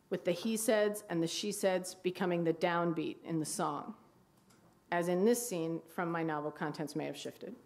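A woman teacher giving a wry talk on writing dialogue, reading passages aloud. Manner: wry, reads quoted dialogue in a hushed low voice. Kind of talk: lecture with read-aloud excerpts. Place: lecture hall.

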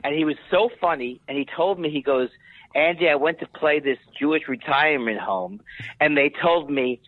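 A man guesting as a comedian on a podcast, telling jokes with punchlines in animated banter. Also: fairly high pitch, moderate pace, no room sound, narrow, tinny audio. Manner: punchline-driven, self-amused.

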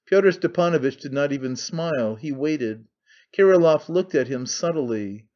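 A man's voice: medium pitch, moderate pace, darkish tone, dull audio. Man narrating an audiobook. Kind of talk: scripted narration.

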